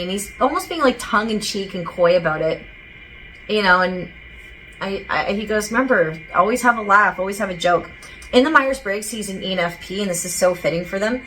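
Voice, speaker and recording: A woman's voice: medium pitch, moderate pace, fairly bright tone, soft background music, poor audio. A woman speaking as a psychic medium, rambling casually and relaying quotes with many fillers and restarts. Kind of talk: casual channeling monologue.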